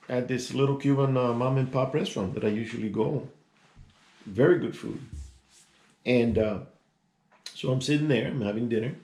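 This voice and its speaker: Gravelly older man rambling through a story. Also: medium pitch, a little mellow. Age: 60s. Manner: rambling, digressive, many restarts and asides. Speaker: vlogger telling a personal story. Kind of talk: casual storytelling. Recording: echoey room.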